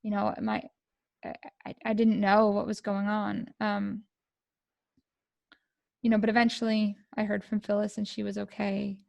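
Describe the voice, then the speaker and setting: Middle-aged American woman, podcast guest. Gravelly, flat delivery, emotional and halting, dry close sound. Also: medium pitch, no echo, dull audio. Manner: emotional, halting, many fillers and restarts. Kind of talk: personal storytelling.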